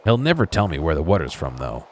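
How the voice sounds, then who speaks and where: A man voicing a cheerful, smooth-talking male alderman of a small farming town in a video game, reading the lines in his own plain voice. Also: a bass voice, sing-song, fast talker, a little hiss or hum, full character voice.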